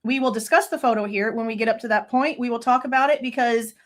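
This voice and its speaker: A woman, her voice pitched high, tears into people in heated, profanity-laced true crime commentary. She talks straight into a desk mic as a faceless channel host. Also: fast. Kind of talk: angry ranting commentary.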